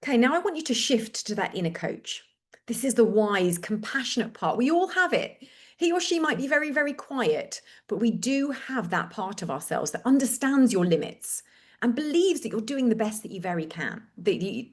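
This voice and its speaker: A woman hosting a webinar, leading a slow, gentle guided reflection exercise over a video call with repeated prompts. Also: fairly high pitch, big pitch swings.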